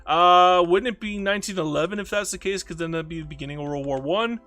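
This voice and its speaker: A man's voice: high voice, fast, sharp tone. A man casually commenting on a strategy game while streaming, rambling, mocking himself and reading chat messages aloud.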